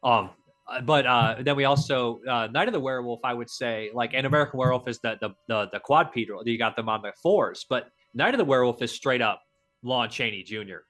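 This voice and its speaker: A bright, forward-sounding man talks in casual podcast chat, tumbling through his thoughts with many restarts and fillers. He swears freely and sounds keen on the subject. Faint music sits under the voice. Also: medium pitch, a little fast. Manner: enthusiastic, rambling, frequent restarts and fillers. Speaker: podcast host.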